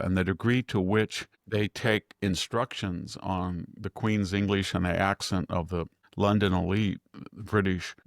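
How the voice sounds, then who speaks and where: A man's voice: low-pitched, creaky, dry recording, studio quality. A man giving conversational podcast commentary, rambling with restarts and quoted asides. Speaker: guest commentator.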